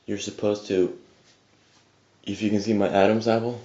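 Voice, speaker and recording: Speaking at normal speed in a mellow, lowish voice with little pitch movement, this vocal tutor is a young man who says he's only just gotten up. He gives a loose, casual lesson on harsh vocals, peppered with fillers, false starts and the odd curse. It's recorded on an echoey, lo-fi home webcam.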